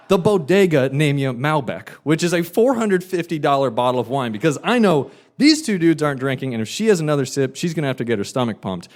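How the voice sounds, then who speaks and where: A man telling a funny personal story live, animated and wry, building comic tension. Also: a little high, fairly quick.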